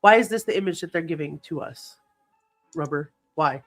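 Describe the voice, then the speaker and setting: A young woman hosting a live chat, blunt and animated, swearing and teasing her co-host. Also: low-pitched, normal speed, soft background music. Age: young adult. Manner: blunt, animated, swears and teases, laughs easily.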